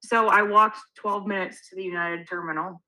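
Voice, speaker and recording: Animated young woman telling a story. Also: medium pitch, normal speed, poor audio. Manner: animated, acts out quotes, swears. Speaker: podcast co-host. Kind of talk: casual storytelling chat.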